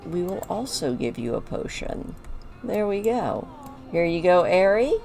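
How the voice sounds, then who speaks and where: A woman narrating her video game in a slow, relaxed way, her lowish voice rising and falling a lot. She chats through each move she makes, with faint music playing underneath. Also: creaky. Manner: chatty, narrates her own moves. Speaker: gaming video creator. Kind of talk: casual game commentary.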